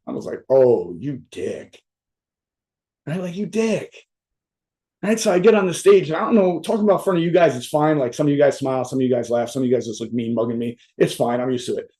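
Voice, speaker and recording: High-voiced joking man on a video call. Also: warm tone, rough recording. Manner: profane, joking, rambling with frequent "right?". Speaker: motivational speaker. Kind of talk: casual motivational talk. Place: on a virtual event via video call.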